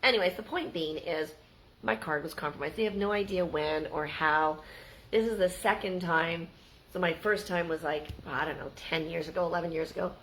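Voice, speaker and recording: A middle-aged Canadian woman telling a story to her viewers in a chatty, animated way. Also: on the low side, normal speed, a little hiss or hum, low-quality recording. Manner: chatty and animated, acts out the people in her stories. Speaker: vlogger. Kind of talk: casual storytelling to camera.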